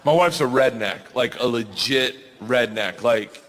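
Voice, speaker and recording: A man in his forties telling a stand-up story, animated and yelling his punchlines, on a stage mic. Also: mid-range voice, a little slow, slight background noise. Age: 40s. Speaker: stand-up comedian. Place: large comedy venue. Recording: live stage mic with hall reverb and faint ambience.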